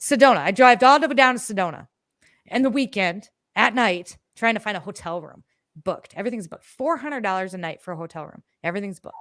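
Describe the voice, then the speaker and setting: Woman podcast co-host rambling through a story, lively, cusses a lot, dry sound. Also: medium pitch, brisk, dry recording. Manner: animated, swears freely, acts out her own past words. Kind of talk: casual storytelling chat.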